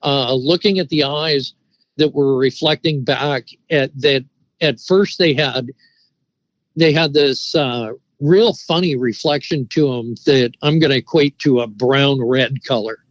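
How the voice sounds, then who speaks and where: A man's voice: medium pitch, a little slow, no echo, poor audio. A middle-aged man telling a long story in a casual, rambling way, full of restarts and fillers. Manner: rambling, with many restarts and "you know" fillers. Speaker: guest telling an encounter story.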